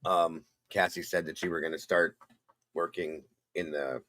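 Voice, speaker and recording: A man's voice: low-pitched, flat delivery, unhurried, bright, forceful tone, dry recording. An older man hosting a casual livestream, rambling and greeting viewers one by one by name. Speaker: livestream host.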